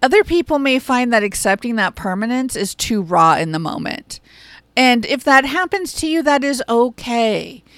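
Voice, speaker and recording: A woman hosting a solo podcast, speaking in a calm, measured and reassuring way. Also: fairly high pitch, dry recording. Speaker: podcast host. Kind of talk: reflective solo podcast talk.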